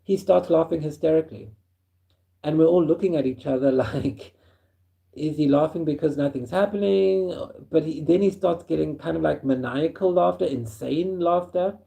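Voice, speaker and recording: Guy telling his own wild story, chuckly and animated, deep mellow tone with some fry. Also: moderate pace. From South Africa. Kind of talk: first-person storytelling.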